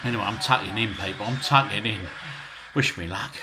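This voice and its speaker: A man's voice: mid-range voice, animated, fairly quick, crowd noise, low-quality recording. A man vlogging casually to camera, jokey and chatty, talking straight to his viewers. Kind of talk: casual vlog talk to camera. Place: outdoors on a town street and in a pub.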